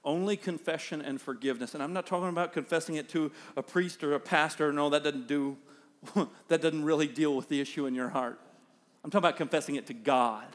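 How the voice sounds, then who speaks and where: Animated preacher man, higher voice. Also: a little fast, big-room sound. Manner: animated, acts out everyday scenes in raised voice. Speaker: pastor. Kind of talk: sermon.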